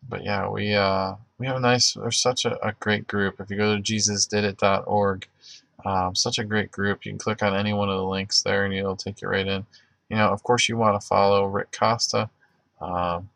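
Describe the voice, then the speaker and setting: Gravelly-voiced man hosting a livestream. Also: fairly low pitch, level tone, moderate pace, a bit bright, no echo. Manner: loose, rambling, many fillers and restarts. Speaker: livestream host. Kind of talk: casual livestream chat with prayer.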